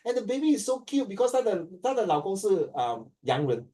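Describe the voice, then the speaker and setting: A Singaporean man leads a classroom lesson in an animated, storytelling way, mixing languages freely. His voice sits a little high with a warm, mellow tone. He sounds distant, picked up by a mic well away from him. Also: brisk. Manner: animated, code-switching, acting out quoted dialogue. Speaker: teacher. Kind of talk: classroom talk to students.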